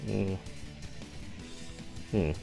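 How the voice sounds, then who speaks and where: A tired man rants off the cuff on a gaming vlog, rambling and halting with many restarts and plenty of swearing. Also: dark tone, faint music behind. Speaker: gaming channel host. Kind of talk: unscripted rant vlog.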